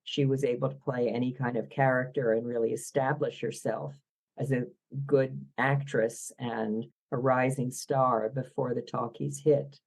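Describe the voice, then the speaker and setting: Philadelphia woman, interview guest, wry and opinionated, lively delivery. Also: very deep voice, a little slow, rough recording. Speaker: guest author. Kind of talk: podcast interview.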